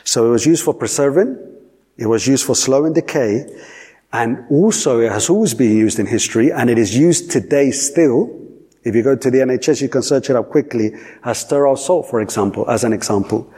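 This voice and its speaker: A male preacher delivers a sermon in a husky, slightly breathy voice. He repeats key lines for weight and keeps putting questions to his listeners. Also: mid-range voice, a little fast, mellow. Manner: repetitive, emphatic, asks the audience questions.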